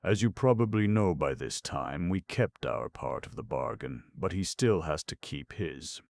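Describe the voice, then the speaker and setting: A man's voice: rumbling low, animated, unhurried, creaky, a little mellow, no room sound, studio quality, heavily acted. A man reading a storybook, voicing an anxious, apologetic fat male minister. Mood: nervous. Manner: nervous, apologetic.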